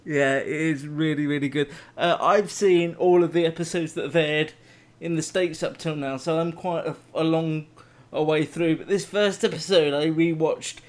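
A man's voice: on the high side, fairly even intonation, normal speed. A man hosting a TV review podcast, chatty and enthusiastic. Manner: chatty, enthusiastic, laughs often. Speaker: podcast host. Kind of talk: casual chat.

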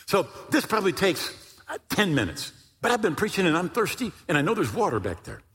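Animated older pastor in a reverberant hall. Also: male voice, sits high, brisk, breathy edge. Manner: animated, shouts at peaks of the story. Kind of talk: sermon storytelling.

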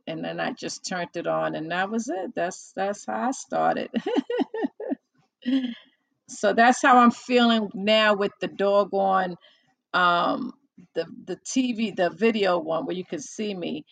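A woman hosts a podcast and chats casually with a caller, unhurried and a little gravelly. She is self-deprecating, laughs often and sounds nervous. The sound is close and dry. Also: mid-range voice, fairly even intonation, no echo, low-quality recording. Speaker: podcast host.

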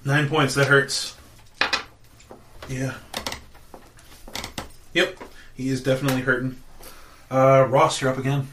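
A man's voice: level tone, slow, long pauses, noisy background. A man narrating as dungeon master of a tabletop game, playful and casual. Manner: playful, puts on squeaky goblin voices.

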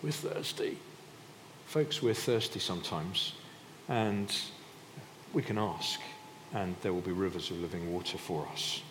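A man's voice: deep voice, a little slow. A man preaching a sermon in a conversational way, often restarting his sentences. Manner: conversational, with frequent restarts and filler. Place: church hall. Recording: reverberant hall, faint background noise.

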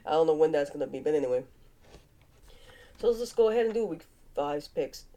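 Deep, dark-toned, and animated, a woman with a Cajun accent talks briskly through her casual football picks vlog. She's a playful, chatty host who throws in animal noises, her voice nasal and stuffy from sinus congestion.

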